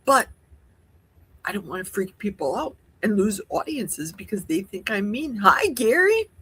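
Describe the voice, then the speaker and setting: Chatty husky woman hosting a livestream. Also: mid-range voice, unhurried. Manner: chatty, rambling, animated with gasps and laughs. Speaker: livestream host. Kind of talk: casual live Q&A chat. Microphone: livestream setup.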